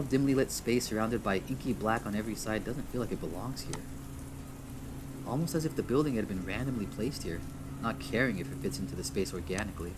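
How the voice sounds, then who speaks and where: Reading a visual novel aloud with side comments, a man often trips over words, starts lines again, and chuckles at his own slips. His voice sits on the low side, with background noise in the recording.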